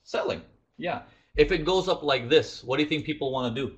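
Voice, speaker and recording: A man's voice: fairly high pitch, fairly quick. A man teaching a live trading lesson, asking his audience questions and acting out traders' inner thoughts. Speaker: trading instructor.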